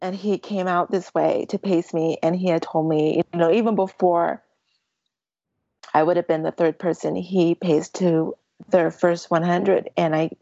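A woman telling a long personal story about a race as a guest, talking in halting bursts with many restarts and becoming tearful at times. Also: fairly low pitch, steady tone, creaky, mellow, dry recording. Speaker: ultramarathon runner guest. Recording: dry, dull lo-fi audio.

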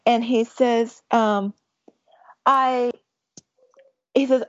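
A woman telling a long story in casual chat, rambling and animated, with many fillers and restarts. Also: on the high side, unhurried, no room sound, highs cut off.

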